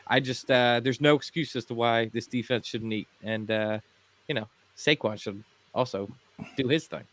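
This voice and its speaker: A man from Philadelphia talks on a casual sports podcast, halting with "um" and "uh" before he drives his point home. His voice sits at a middle pitch, and the recording is dry and close. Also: a bit bright, dry recording. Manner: hesitant, many fillers, then emphatic. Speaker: podcast co-host.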